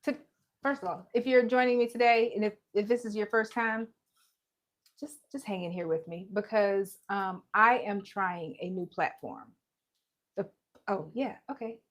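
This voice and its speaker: In a mid-range voice at a moderate pace, the woman runs her casual home embroidery livestream on a streaming setup. She jokes and chats, laughs frequently, and calls out viewers by name.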